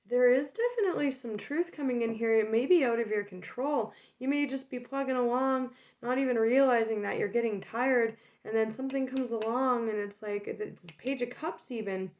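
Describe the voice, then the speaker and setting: Young female tarot reader, casual and chatty, slightly high voice, filler-heavy delivery. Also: a little mellow. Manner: chatty, lots of "like" and "right?".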